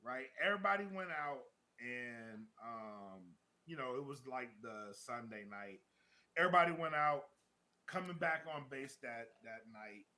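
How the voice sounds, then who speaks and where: A man in his thirties, a podcast co-host, telling a story in casual chat, laughing often and acting out shouted quotes. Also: mid-range voice, expressive, unhurried.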